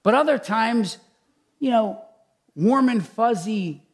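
A man who is a pastor, preaching a conversational sermon in an animated, chatty way with many asides. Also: high voice, takes it slowly.

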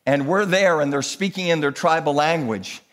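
A pastor in his sixties preaching a sermon, telling stories in an animated way and rising into exhortation. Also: a little high, moderate pace.

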